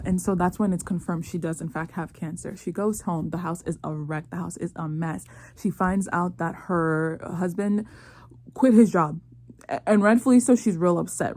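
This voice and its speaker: A young woman chats her way through a drama recap, animated and sassy, dropping quick asides. Her voice sits at an ordinary middle pitch. The sound is dry and close, with no room behind her. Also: no room sound. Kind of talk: casual chat.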